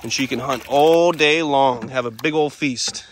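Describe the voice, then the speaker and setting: A young man running a wildlife park, chatting casually to camera outdoors while feeding animals, excitable and quick to laugh, with loud sudden outbursts at the animals. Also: mid-range voice, slight background noise. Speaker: wildlife park owner and vlogger.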